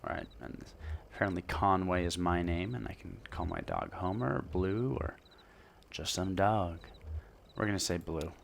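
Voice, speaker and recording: Deep gravelly man reading a game aloud. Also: slight background noise. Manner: self-deprecating, loose, halting reading with fillers. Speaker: gameplay host. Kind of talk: casual let's-play narration, reading game text aloud.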